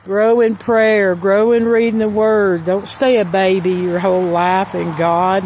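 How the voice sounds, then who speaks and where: A woman's voice: medium pitch, a little mellow, a little hiss or hum. A middle-aged woman sharing a personal testimony and Christian encouragement, earnest and storytelling, repeating phrases for emphasis. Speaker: Christian vlogger.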